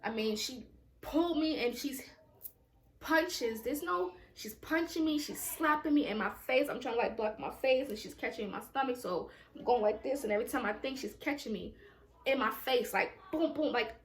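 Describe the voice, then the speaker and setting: A woman's voice: on the high side, normal speed, echoey room. A woman telling a personal story time at home, in a raw, emotional, profane way with many repetitions. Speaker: vlogger.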